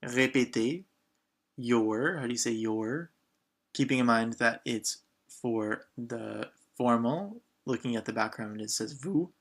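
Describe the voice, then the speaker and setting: A man teaching an online beginner lesson in a relaxed way, with frequent fillers. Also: mid-range voice, slow pace. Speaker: language teacher.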